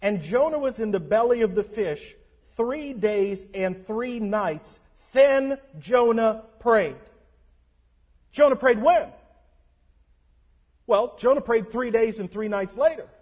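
Man, guest preacher, sermon, animated delivery, high-pitched, husky. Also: slow, long pauses. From North Carolina. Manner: animated preaching, acts out grumbling churchgoers.

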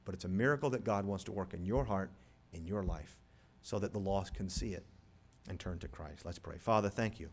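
A man preaching a sermon as pastor, moving from quiet storytelling to loud, rising appeals. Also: deep voice, brisk, breathy edge.

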